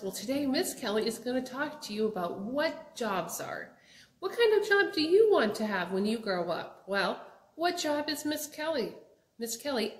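A young woman teaching children job words, asking them to repeat each word in a slow, sing-song way. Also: on the high side. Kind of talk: children's vocabulary lesson. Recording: echoey room.

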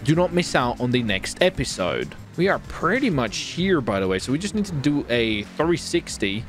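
Lively, joking young-sounding male streamer. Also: mid-range voice, moderate pace, faint music behind. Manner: joking, excitable, swearing. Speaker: role-play streamer. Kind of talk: casual game role-play commentary.

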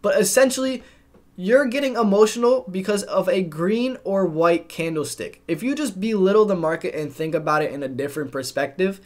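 A young man with a fairly high voice coaches his viewers on trading. He speaks directly and plainly, like a mentor giving advice to camera. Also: a little fast. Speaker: trading educator. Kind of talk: scripted narration.

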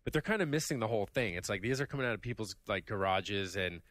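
A man chats on a gaming podcast, dropping wry remarks and dry jokes in a low voice. The sound is close and dry. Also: expressive, quick pace, fairly bright tone, dry recording. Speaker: podcast panelist. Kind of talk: casual podcast chat.

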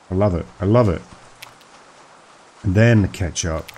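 A man's voice: medium pitch, animated, a little fast, pauses often, a little hiss or hum. Playful man narrating a game. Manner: chatty, playful, talks to game characters. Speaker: gaming video host. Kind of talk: let's play commentary.

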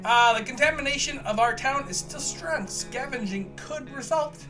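A man hosts a let's play, reading the game's text aloud in a bright, forceful voice. He gives the lines mock drama and jokes at his own slips. Faint game music plays behind him. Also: very high-pitched, normal speed. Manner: jokey, reads game text with mock drama, laughs at himself.

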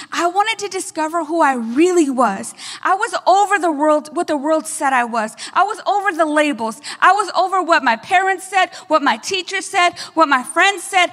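Woman pastor, high bright voice, energetic sermon delivery with rhetorical asides, long hall reverb. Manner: energetic preaching with frequent "right?" asides.

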